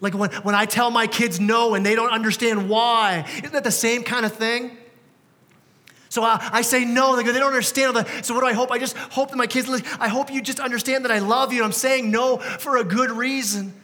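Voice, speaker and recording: A pastor with a high male voice delivers a sermon in a church sanctuary, his speech steady, a little fast and sharp in tone. He keeps it conversational, asking the congregation rhetorical questions, and the recording carries the long reverb of a church hall.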